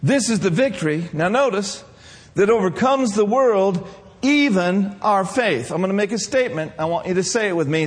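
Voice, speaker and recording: A man's voice: sits high, expressive, moderate pace. A man preaching a sermon, leading the congregation in call-and-response and repeating his key phrases.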